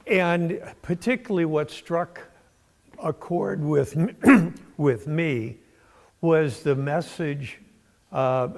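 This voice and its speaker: An older man from Massachusetts giving a sermon in a church, telling stories in a folksy, unhurried way with fillers. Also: on the high side. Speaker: preacher. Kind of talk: sermon with storytelling. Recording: long church reverb.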